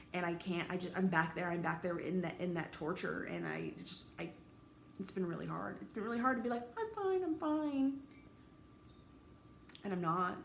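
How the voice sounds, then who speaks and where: Gravelly-voiced woman in her thirties, candid. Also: mid-range voice. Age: 30s. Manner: halting, candid, swears freely, emotionally raw. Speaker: vlogger. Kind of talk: personal vlog monologue. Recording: roomy echo, faint ambient noise.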